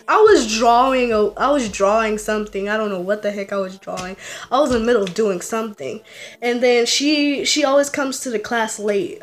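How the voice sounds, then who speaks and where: A woman telling a story to the camera in a rambling, casual way, full of fillers and restarts. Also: on the high side. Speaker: vlogger. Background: faint music.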